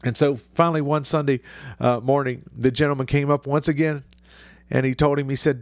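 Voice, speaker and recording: A man's voice: medium pitch, steady tone, brisk, dry recording. Earnest preacher man, dry sound. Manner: earnest, repeats and restarts phrases. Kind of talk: informal sermon.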